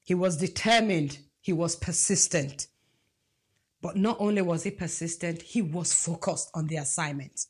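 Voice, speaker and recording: A woman's voice: fairly low pitch, normal speed, darkish tone, husky. A woman preaching a sermon, emphatic and asking the congregation rhetorical questions.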